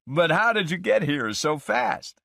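A man's voice: high-pitched, lively intonation, measured pace, creaky, pushed and bright, dry recording, clean studio sound, pitched above the performer's own voice, heavily acted. A man reading a story aloud, voicing the young hero asking eager, surprised questions.

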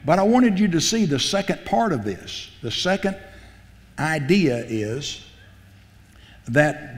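A man preaching a sermon in a church sanctuary, his voice ringing through a long hall reverb. He sits at a middle pitch and keeps a folksy, animated delivery, acting out the quotes and restarting his phrases. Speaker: pastor.

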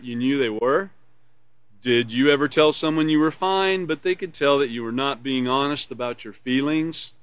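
A man teaches a live online character education class, reading from a course manual and explaining it earnestly, laughing and smiling as he goes. His pitch is fairly high and his tone fairly bright, in a dry recording.

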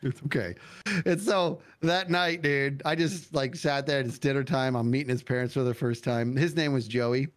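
A man's voice: mid-range voice, normal speed, few pauses. A man hosting a casual gaming stream, telling a story with acted-out quotes and frequent laughter. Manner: animated storyteller who acts out quotes and laughs.

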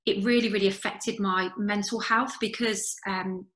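A woman's voice: mid-range voice, fairly even intonation, normal speed, a bit bright, poor audio. A woman, in her thirties, earnestly telling her story as an interview guest, with many fillers and restarts. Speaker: interview guest, charity fundraiser. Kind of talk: conversational interview.

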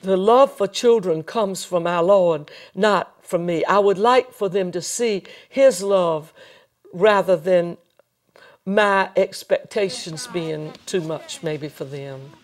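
A woman in her seventies with a Southern US accent, speaking in a measured, earnest, devout way in an interview. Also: fairly low pitch. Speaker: retired teacher interviewed. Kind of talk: reflective interview.

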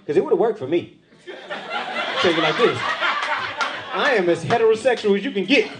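Here a stand-up comic speaks in a fairly high voice, a little fast and with frequent pauses, animatedly performing quoted voices for the club audience. The live recording is full of loud laughter from the crowd.

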